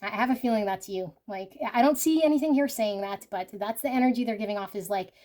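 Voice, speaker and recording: A woman's voice: mid-range voice, fast, dark tone. A woman giving a casual pick-a-card tarot reading, rambling and full of filler words, sometimes laughing and swearing. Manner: rambling, with lots of "like" and "you know". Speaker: tarot reader.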